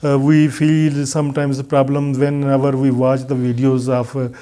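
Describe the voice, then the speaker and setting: A man teaching a spoken English lesson in a non-native English accent, pausing often with "uh" and giving earnest advice. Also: medium pitch, little pitch movement, dark tone. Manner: hesitant, frequent "uh" fillers, earnest advice.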